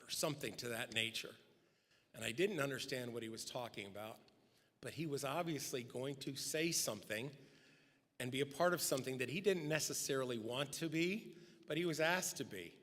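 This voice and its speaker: A man's voice: fairly quick, fairly bright tone. A middle-aged man giving a eulogy at a memorial service, telling personal anecdotes and acting out quotes, speaking at a podium microphone in a large church sanctuary. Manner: storytelling, acting out quotes with rising pitch. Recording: long church hall reverb.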